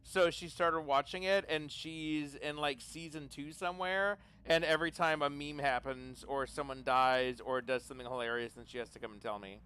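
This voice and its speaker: Chatty man with a smooth voice. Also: a little high, steady tone, normal speed, hardly any pauses, sharp tone. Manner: rambling anecdotal storyteller. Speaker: player. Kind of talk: casual chat during a tabletop game.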